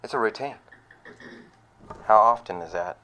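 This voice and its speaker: A man's voice: on the low side, measured pace, sharp tone. A man preaching a sermon in a conversational, emphatic way, full of rhetorical questions and mocking asides.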